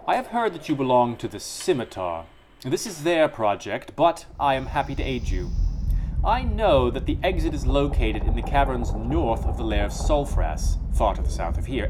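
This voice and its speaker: A man reading the lines of a cold, vengeful exiled sorceress in a slow, deliberate, menacing way. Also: mid-range voice, big pitch swings, noisy background, close to an everyday voice. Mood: scheming.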